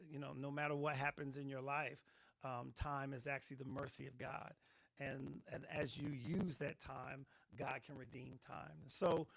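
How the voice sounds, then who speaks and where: A middle-aged man, a pastor, telling his personal testimony in an interview with animated storytelling, acting out the voices of people in his story. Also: medium pitch, vocal fry. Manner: animated storytelling, acts out quotes.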